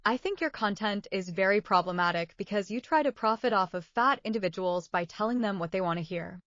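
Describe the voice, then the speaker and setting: A woman reading viewer comments aloud in an even, formal way. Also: medium pitch, fairly quick, no echo. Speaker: comment reader. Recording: slightly dull, dry sound.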